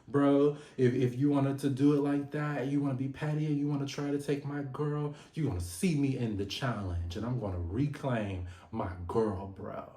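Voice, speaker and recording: A man's voice: mid-range voice, steady tone, normal speed, few pauses, mellow, reverberant, lightly acted. A man voicing a fired-up young man giving a heated, repetitive macho speech.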